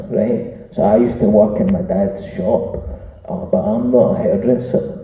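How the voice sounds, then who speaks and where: Brash sweary Scottish comedian. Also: male voice, mid-range voice. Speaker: stand-up comedian. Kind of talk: stand-up routine. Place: comedy venue. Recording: echoey venue, distant, dull sound.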